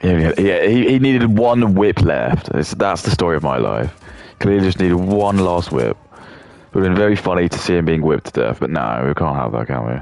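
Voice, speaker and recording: A male gaming streamer with a very low, gravelly voice that still swings widely in pitch. He rambles through casual commentary, sarcastic and quick to swear. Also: expressive, a little mellow.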